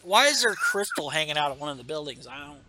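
A man's voice: a little high, very animated, quick pace, crowd noise. A man casually recapping a comic issue, reading the dialogue aloud with lots of fillers. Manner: rambling, reads dialogue in a plain voice with fillers. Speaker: comic book podcast host.

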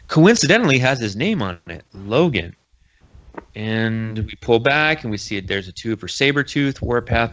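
A man's voice: fairly low pitch, a bit bright, dull audio. A man hosting a podcast, recapping a comic book in a casual, rambling way with sarcastic jokes. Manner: rambling, jokey, sarcastic asides. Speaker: podcast host.

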